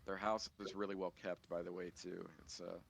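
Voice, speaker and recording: A man's voice: deep voice, little pitch movement, fairly quick, creaky, a little hiss or hum. A man narrating a tabletop game as game master in an easygoing way. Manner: easygoing, with restarts.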